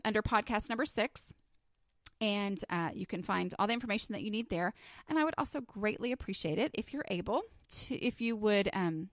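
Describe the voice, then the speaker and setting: A woman's voice: mid-range voice, a bit bright, no room sound, studio quality. A woman with a Texas accent hosting her own podcast, talking candidly and casually with frequent fillers. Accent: Texan. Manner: candid, chatty, with many fillers. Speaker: podcast host. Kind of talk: solo podcast talk.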